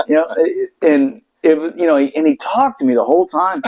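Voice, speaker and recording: A man's voice: fairly high pitch, big pitch swings, a little fast, creaky, a little mellow, poor audio. A man from the United States telling a long story in casual chat, profane and rambling, with many restarts. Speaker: podcast host telling a story.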